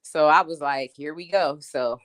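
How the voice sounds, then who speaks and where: A woman's voice: low-pitched, a little slow. A woman on a live stream telling a story in a blunt, emphatic and chatty way, often asking "you know what I'm saying". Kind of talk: casual storytelling rant.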